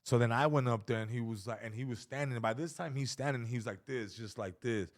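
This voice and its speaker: A man's voice: medium pitch, quick pace. A male comedian telling stories in casual podcast chat, acting out the quotes with lots of swearing. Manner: animated storyteller who acts out quotes, swears freely. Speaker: comedian guest.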